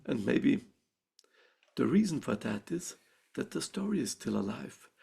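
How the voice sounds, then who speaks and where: An Austrian man tells a folk tale live on a festival stage, slow and deliberate, with dramatic pauses. His voice is gravelly and husky and swings widely in pitch. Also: very animated, mellow. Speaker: storyteller.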